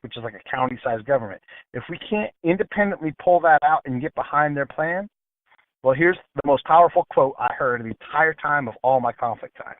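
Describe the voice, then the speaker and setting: A man calls in to a talk radio show, speaking at a middle pitch and pressing his points hard, often repeating words for emphasis. The line sounds narrow and phone-like, and there is no room sound. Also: dry recording. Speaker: guest, military analyst.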